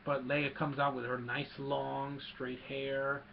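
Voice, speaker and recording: Gravelly man recapping a movie excitedly. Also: mid-range voice, lo-fi sound, a little hiss or hum. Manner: animated retelling with sound effects and quick character quotes. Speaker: movie reviewer.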